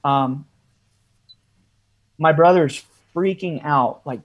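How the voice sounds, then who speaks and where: A man's voice: on the high side, fairly even intonation, normal speed, muffled recording. A man, a podcast guest, telling a long story in a casual interview style with frequent asides.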